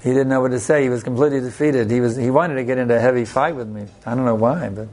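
A man teaching a devotional scripture class in an unhurried, plain-spoken way, telling personal stories. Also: medium pitch, darkish tone.

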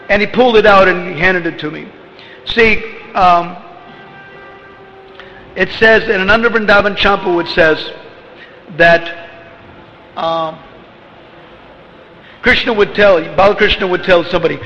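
A man's voice: high-pitched, measured pace, pauses often, sharp tone. A man giving an informal religious talk as a spiritual teacher, rambling and conversational, with lots of "you know" and chuckles. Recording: echoey hall, dull lo-fi with faint noise.

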